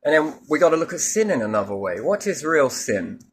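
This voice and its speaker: Husky man musing aloud. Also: fairly high pitch, very animated, brisk. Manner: musing, asks himself questions, casual swearing. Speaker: speaker musing on faith. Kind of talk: rambling spiritual monologue.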